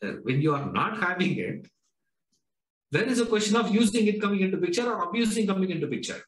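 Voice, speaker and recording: A man's voice: high-pitched, sing-song, fast. Rhetorical Indian-accented man lecturing. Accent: Indian English. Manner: questioning, rhetorical, drills students with "no?" and "huh?". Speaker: Vedanta teacher. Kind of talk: classroom lecture. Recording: echoey lecture room.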